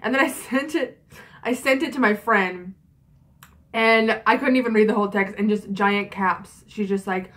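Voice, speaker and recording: A woman's voice: mid-range voice, moderate pace, a bit bright. A young woman in her twenties telling a story in a casual vlog, chatty and frank, with lots of fillers and swearing. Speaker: vlogger.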